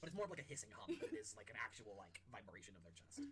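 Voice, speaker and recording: A man narrating a tabletop game as game master, in an animated way, often laughing. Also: fairly low pitch, very fast, a loud crowd, low-quality recording.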